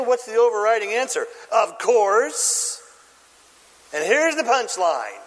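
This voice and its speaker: A man preaching a sermon, telling a story with lively acted-out voices and bursts of shouting. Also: high voice, slow, in a large hall, rough recording. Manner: animated storytelling, acting out voices and shouting lines. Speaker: pastor.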